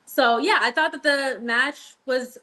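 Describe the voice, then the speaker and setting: A woman's voice: high-pitched, unhurried, sharp tone. A woman co-hosting a wrestling review podcast, enthusiastic, often starting with hesitant fillers. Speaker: podcast co-host. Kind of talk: casual wrestling review chat.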